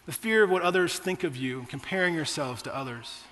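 A man's voice: fairly high pitch, a little fast, pushed and bright, long reverb tail. A man in his forties preaching a sermon, telling personal stories in a conversational way to his church. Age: 40s. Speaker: pastor.

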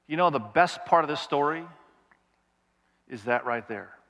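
A man's voice: mid-range voice, normal speed, pauses often, fairly bright tone, in a large hall. A male pastor preaching a sermon, reading scripture aloud and asking the congregation questions as he goes.

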